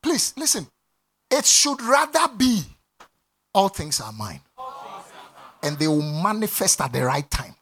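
A man preaching a sermon to a congregation, repeating phrases, laughing and breaking into shouts. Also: sits high, big pitch swings, unhurried, pauses often. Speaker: pastor. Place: church before a congregation.

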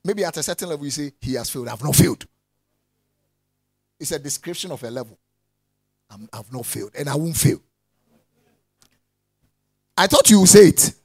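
A man preaching a lively sermon, swinging from loud calls to soft asides and laughing often. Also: medium pitch, a little fast, pauses often, husky, dry recording.

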